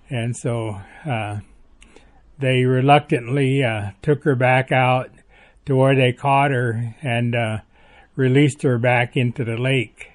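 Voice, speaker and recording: A man from northwestern Montana retelling a family story in a slow, halting way with many pauses and fillers. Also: mid-range voice, fairly even intonation.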